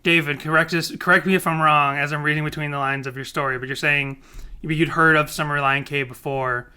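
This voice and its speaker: A man's voice: on the high side, fairly even intonation, a little fast, bright, forceful tone, clear, resonant tone. A man co-hosting a casual podcast, rambling and correcting himself as he jokes along. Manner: rambling, self-correcting, joking. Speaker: podcast co-host.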